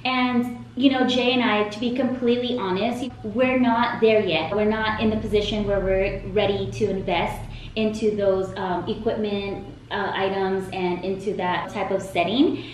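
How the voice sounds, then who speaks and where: A woman's voice: medium pitch, little pitch movement, moderate pace. A woman co-hosting a podcast, chatting in an enthusiastic, casual way. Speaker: podcast co-host. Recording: very echoey room, faint noise.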